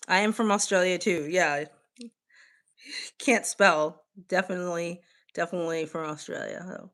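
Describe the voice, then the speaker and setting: A woman's voice: on the low side, fairly even intonation, normal speed, a bit bright. A woman streamer in casual livestream chat with viewers, playful and teasing, with casual swearing, snacking while she talks.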